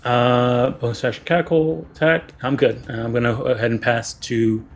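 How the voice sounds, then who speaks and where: A man's voice: medium pitch, fairly even intonation, normal speed. Hesitant man thinking aloud as a player. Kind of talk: casual tabletop game play.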